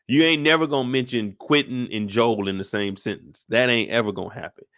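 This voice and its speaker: A man giving a casual recap of a TV episode in animated, heavily slangy talk, swearing freely. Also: mid-range voice, brisk. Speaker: show recap youtuber.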